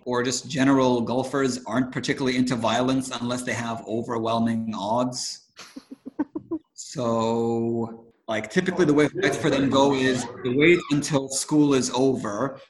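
A man's voice: mid-range voice, fairly even intonation, measured pace, slight background noise, rough recording. A man chatting casually, rambling with lots of fillers and restarts, telling stories of growing up in the Gulf. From grew up in the Gulf states. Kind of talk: casual chat.

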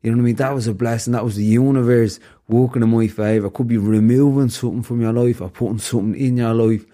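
A man's voice: mid-range voice, fairly even intonation, quick pace, warm tone. A man hosting a casual podcast, reflective and fond of telling stories. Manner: storytelling, upbeat and reflective. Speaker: podcast host.

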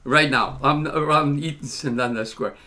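A man's voice: fairly high pitch, moderate pace. A man casually telling a story to listeners, acting out the dialogue as he goes. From Canada. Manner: animated, acts out quoted dialogue.

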